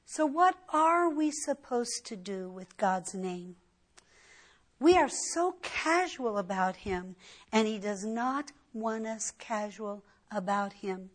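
A woman's voice: mid-range voice, expressive, slow pace. A middle-aged woman preaching a sermon as a Bible teacher, earnest and emphatic, pushing her voice up sharply to stress a point.

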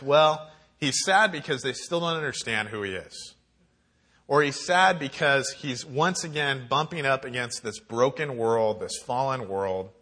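A man's voice: mid-range voice, pushed and bright, husky. A young adult man giving a conversational, earnest sermon as a campus minister, reading scripture aloud and reflecting on it.

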